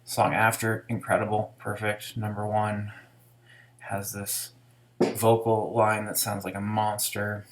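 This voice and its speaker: A man with a lowish voice talks through an album in a loose, unscripted review. He rambles with plenty of fillers and false starts. His enthusiasm for the music comes through. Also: completely flat delivery, takes it slowly. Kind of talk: casual spoken album review.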